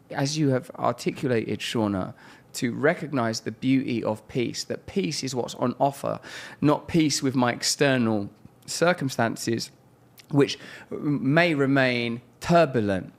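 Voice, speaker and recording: A man's voice: medium pitch, unhurried, vocal fry. A man speaking as a podcast guest in an articulate, reflective, lyrical way. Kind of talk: reflective conversation.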